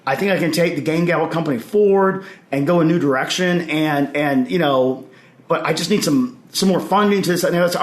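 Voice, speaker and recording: A man, a podcast guest, telling stories in a casual, animated way and acting out the voices he quotes. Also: fairly high pitch, fast talker. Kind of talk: casual storytelling. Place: convention hall. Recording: echoey convention hall.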